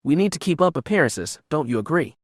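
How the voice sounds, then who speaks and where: A man voicing a scheming female Sith dark lord in an audiobook, purring and taunting. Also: on the high side, lively intonation, a little fast, no echo, studio quality, pitched above the performer's own voice.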